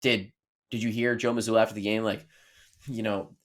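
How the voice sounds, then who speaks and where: A man's voice: on the low side, a little fast. A man co-hosting a sports podcast, agreeing easily and chiming in during casual chat. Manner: relaxed, agreeable, backs up his co-host. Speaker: podcast co-host.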